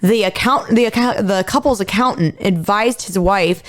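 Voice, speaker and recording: A woman's voice: mid-range voice, normal speed. A woman in her thirties co-hosting a podcast, telling a true-crime story in a chatty, casual way, full of fillers and casual swearing. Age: 30s. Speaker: podcast co-host.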